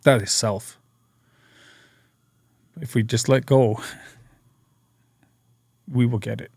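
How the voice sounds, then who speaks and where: A man telling his recovery story as a podcast guest, earnest and energetic, acting out what people said. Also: medium pitch, slow, gravelly, husky, no echo, clean studio sound. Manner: energetic, earnest storyteller who acts out quotes. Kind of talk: personal storytelling interview.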